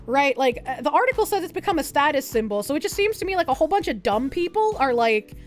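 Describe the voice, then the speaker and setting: High-voiced sarcastic woman streamer. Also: sing-song, faint music behind. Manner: sarcastic, profane, quick asides. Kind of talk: casual reaction commentary.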